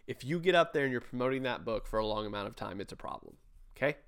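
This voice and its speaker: A man's voice: mid-range voice, animated, fast talker, vocal fry, a bit bright. A man reviewing a sermon he plays in pieces, talking casually and critically, with restarts and asides. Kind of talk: casual commentary over a played sermon.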